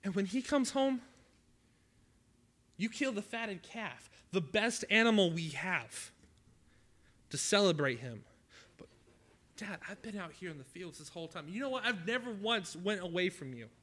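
A man playing a resentful older brother, a hardworking young man, pleading in an indignant voice with drawn-out emphasis. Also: high-pitched, lively intonation, a bit bright, exaggerated voice.

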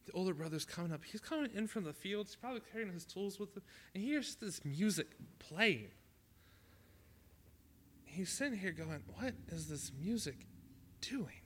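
A man preaching a sermon at a youth camp, conversational and dramatic, swinging from loud to hushed. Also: sits high, expressive, normal speed, long pauses.

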